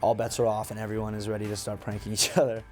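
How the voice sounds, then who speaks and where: A young man, an actor, telling quick, laughing stories about pranks on set. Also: lowish voice, monotone. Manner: laughing, fast-talking storyteller. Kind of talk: casual interview anecdotes.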